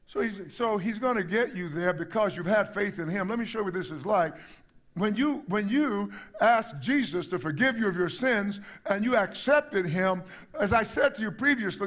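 Male pastor, high voice, emphatic sermon delivery with repeated words. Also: lively intonation, moderate pace, fairly bright tone. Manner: emphatic preaching, rising to exclamations, repeats words.

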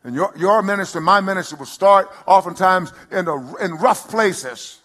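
A middle-aged male pastor preaching a sermon, emphatic and rising loud on key lines. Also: sits high, moderate pace.

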